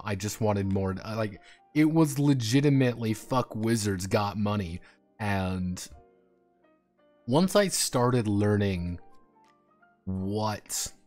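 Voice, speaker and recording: A man streaming, chatting casually and rambling through profane, animated tangents over faint background music. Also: on the low side. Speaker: streamer and game designer.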